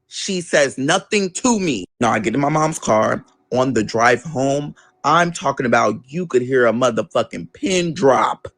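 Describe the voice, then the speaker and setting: A young man with an average-pitched voice tells a story from his own life in an interview. He is animated and conversational, and he swears freely. He slips into the voices of the people he quotes. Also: unhurried. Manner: swears casually. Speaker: guest.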